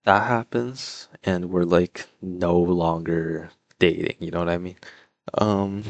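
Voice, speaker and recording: A man's voice: low voice, steady tone, slow, creaky, no room sound. A young man telling a personal story in a casual, rambling way, full of "like" and "um" fillers. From Toronto, Canada. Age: young adult. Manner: rambling, filler-heavy, lots of "like" and "um"; laid-back, mumbling asides while doing a puzzle. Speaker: vlogger.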